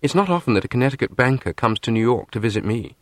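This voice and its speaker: A man voicing a poised English businesswoman who speaks in a crisp, polite English accent. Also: medium pitch, expressive, fast talker, no echo, studio quality, natural voice.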